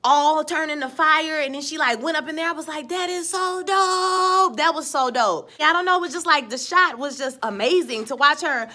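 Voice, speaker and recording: Lively high-voiced woman recapping TV. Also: a little fast, few pauses. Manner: animated, chatty storytelling with playful asides. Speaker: TV episode reviewer. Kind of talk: casual episode recap.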